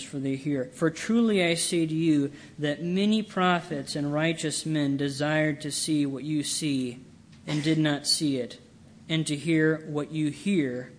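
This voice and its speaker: A man preaching a sermon in a slow, deliberate way, leaning on his words for emphasis. His voice sits fairly high for a man. A faint hum of room ambience runs underneath.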